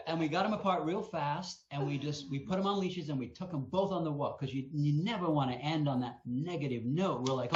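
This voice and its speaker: A man's voice: a little high, fast talker, hardly any pauses, very noisy. A man co-founding a wolf sanctuary, telling a story in a live Q&A and acting out the sounds. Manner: animated storyteller, acts out sounds. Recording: echoey, muffled sound.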